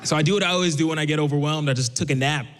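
A young Brooklyn man tells a personal story on stage in an echoey hall, his voice a little high and very fast with a slight hiss or hum. He keeps it conversational and acts out the people he quotes.

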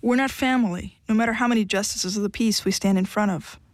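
A woman's voice: mid-range voice, quick pace, dry recording, studio quality, close to an everyday voice. A woman voicing a blunt, defiant young woman, cutting and dismissive, in an audiobook reading. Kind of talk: audiobook character voice.

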